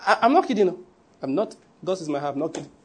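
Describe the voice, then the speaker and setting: A Nigerian man preaching in a loose, joking way, slipping into Pidgin now and then. His voice sits a little high for a man and has a husky, breathy grain. It sounds like a pastor talking straight to his congregation. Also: big pitch swings, racing. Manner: humorous, conversational preaching with Pidgin asides. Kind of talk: sermon.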